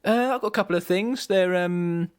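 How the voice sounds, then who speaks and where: A man co-hosting a podcast in casual chat, lively and quick to laugh. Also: sits high, smooth. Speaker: podcast co-host.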